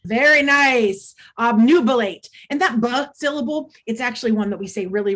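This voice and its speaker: A woman's voice: a little high, normal speed, hardly any pauses, fairly bright tone. A woman presenting an interactive online workshop for teachers, speaking over a video call in an upbeat, chatty way with frequent ums. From United States.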